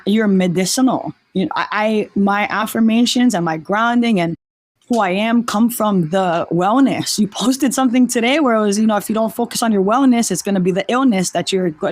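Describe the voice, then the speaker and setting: A woman's voice: mid-range voice, dry recording. A woman from Oahu, a podcast guest talking in an earnest, reflective way and often restarting her sentences. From Oahu, Hawaii. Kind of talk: reflective casual conversation.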